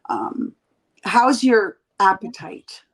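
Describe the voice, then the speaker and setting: A woman's voice: medium pitch, extremely slow, rough recording. Blunt, profane woman telling stories. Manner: blunt, profane, animated storyteller. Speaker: podcast guest. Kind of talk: candid casual chat.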